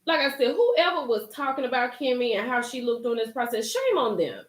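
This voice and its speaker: A young woman hosting a live recap chat, animated and excitable, talking straight to her viewers by name. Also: on the high side, fairly quick, hardly any pauses, reverberant. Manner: animated, gets hyped and loud, talks to chat by name. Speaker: livestream host recapping a reality show.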